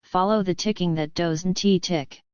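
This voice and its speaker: A zany, cheerful storybook hatter who talks in riddles, read by a woman. The voice is low and smooth, with a dry, dull sound. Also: a little slow, a little mellow, dry recording, natural voice. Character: zany cheerful male tea-party host.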